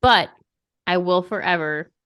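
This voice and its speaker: Woman, podcast co-host, chatty and eager, slightly low voice, dry close mic. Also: a little slow, fairly bright tone, no room sound. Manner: chatty, eager, quotes herself and others. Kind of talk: casual chat.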